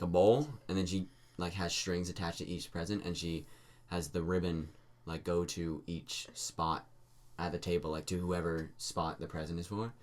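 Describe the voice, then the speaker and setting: A man co-hosting a casual podcast chat, joking and giggly, with rambling restarts. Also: low voice. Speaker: podcast co-host.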